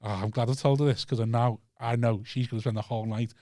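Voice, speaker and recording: A man's voice: medium pitch, fast talker, no echo, clean studio sound. Sweary Scouse man telling a rant. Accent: Liverpool. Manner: animated, swears a lot, acts out his own shouting. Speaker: podcast co-host and stand-up comedian. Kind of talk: casual chat, storytelling rant. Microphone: studio mic.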